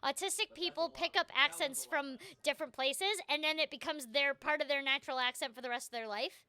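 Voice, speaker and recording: A woman hosting a casual chat in an animated, chatty way, with a light Minnesotan tinge to her American accent. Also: high-pitched, no echo. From Seattle, USA. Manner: chatty, animated, quick to laugh. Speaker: host.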